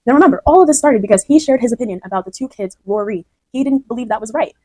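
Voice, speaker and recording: Woman, poet explaining her poem, casual, restarts a lot, quick, dry close recording. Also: on the high side, lively intonation, mellow, no echo, rough recording. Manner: chatty, restarts often, checks the listener understands.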